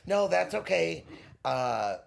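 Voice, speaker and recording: Gravelly woman guest with lively pitch. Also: slow. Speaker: podcast guest, a host's mother. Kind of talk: casual chat. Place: apartment used as a studio.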